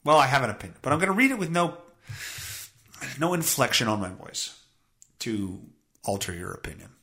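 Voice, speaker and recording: A man's voice: medium pitch, very animated, fairly quick, sharp tone, reverberant. A male podcast host reading news stories aloud and mocking them with sarcastic, profane commentary. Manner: sarcastic, swears often, mocks the stories he reads.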